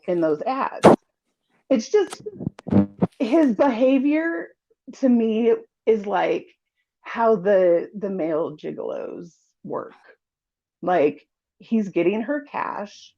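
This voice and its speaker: A woman's voice: mid-range voice, lively intonation, takes it slowly, dark tone, highs cut off, slight background noise. A woman, a guest on a live chat show, talking insistently and backing her guesses with emphatic bets. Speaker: guest commentator. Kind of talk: casual live-stream chat.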